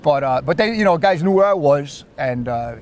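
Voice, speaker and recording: New York surf fisherman, lively raised voice, outdoors with faint background noise. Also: on the high side, moderate pace. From Queens, New York. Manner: animated storyteller with repeated words and restarts. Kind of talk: casual chat.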